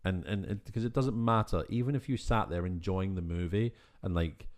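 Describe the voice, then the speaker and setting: A man's voice: deep voice, moderate pace, a little mellow. A man with a Scottish accent, co-hosting a podcast in casual, rambling chat with frequent restarts. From Scotland. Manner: rambling, with many restarts and fillers. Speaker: podcast co-host.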